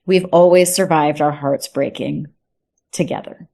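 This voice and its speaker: Woman with a lowish voice reading softly, tender. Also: steady tone, unhurried, creaky. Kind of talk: reading an essay passage.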